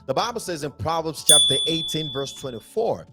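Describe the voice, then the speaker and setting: A man's voice: on the high side, lively intonation, fairly quick, hardly any pauses. Man, podcast host, upbeat, easy laugh, music faint behind. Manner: upbeat, laughs often, reads scripture aloud. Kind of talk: casual podcast chat.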